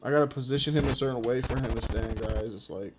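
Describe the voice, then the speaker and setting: A man giving a casual, rambling reaction to a movie trailer, excitable and quick to laugh. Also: mid-range voice, very noisy.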